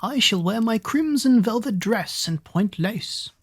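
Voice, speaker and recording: A woman voicing a proud, mocking elder stepsister who speaks in a haughty, drawn-out way. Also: on the high side, expressive, slightly rough, voice pushed up, exaggerated voice. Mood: vain.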